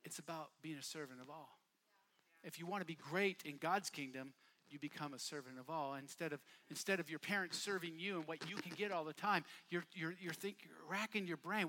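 A man preaching a sermon at a youth camp, casual and repetitive, building from quiet talk to shouting bursts. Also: on the high side, a little fast. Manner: casual, repeats phrases for emphasis. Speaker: youth pastor. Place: camp meeting hall.

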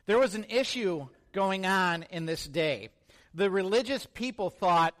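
A male pastor giving a sermon in a church, relaxed and conversational, joking with the congregation and asking them questions. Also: high voice, unhurried.

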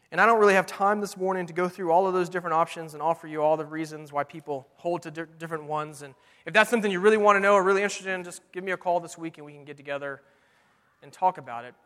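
A middle-aged man preaching a sermon in a church, earnest and emphatic, slowing down to read scripture. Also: high-pitched, fairly bright tone. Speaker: pastor. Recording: long hall reverb.

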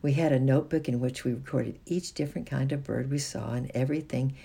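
A storybook reader with a gravelly, husky voice that reads in a gentle, steady manner. The tone is dark and mellow. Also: medium pitch, fast talker. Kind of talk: storybook reading.

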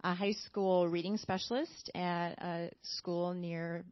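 Candid woman, lowish voice, dry. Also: flat delivery, slow, dry recording. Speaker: panel guest. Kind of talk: unscripted testimony. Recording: dull dry sound.

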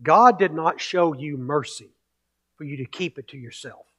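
A man's voice: on the high side, moderate pace, fairly bright tone. A male pastor preaching a sermon, emphatic, repeating key phrases and building with rhetorical questions.

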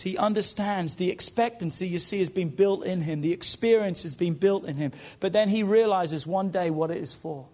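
Male pastor, high-pitched, impassioned sermon delivery with congregation call-outs. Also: darkish tone. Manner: impassioned, rising and falling preaching with call-outs.

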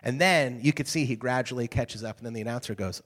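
A man in his thirties speaking to a live group, telling stories in an energetic, animated way with asides to the crowd. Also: medium pitch, fast talker. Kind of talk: energetic talk to an audience. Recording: reverberant hall.

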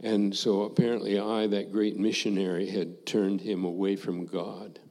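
An older man, a former missionary, telling a personal testimony to a congregation in a slow, reflective way, acting out the dialogue he recalls. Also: fairly low pitch, level tone, a little mellow, long reverb tail.

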